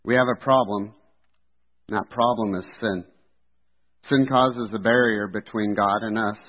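A man preaching a sermon in an earnest, steady delivery. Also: fairly low pitch, a little slow. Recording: tinny phone-like sound.

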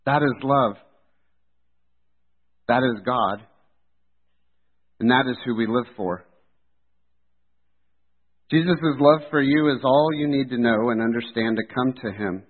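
A man delivers a sermon with earnest, steady conviction. His voice sits at an ordinary middle pitch. The recording is thin and tinny, like a phone line. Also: slow pace, pauses often, slightly rough. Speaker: preacher.

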